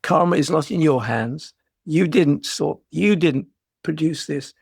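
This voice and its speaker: A man quoting a stern male god who bluntly scolds a warrior, with a gravelly, husky voice. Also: fairly high pitch, unhurried, dry recording, studio quality, exaggerated voice.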